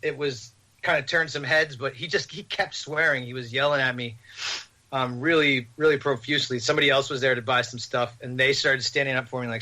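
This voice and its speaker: Bright-voiced man telling a story. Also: mid-range voice, brisk. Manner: animated, rambling, laughing. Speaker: podcast host. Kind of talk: casual storytelling.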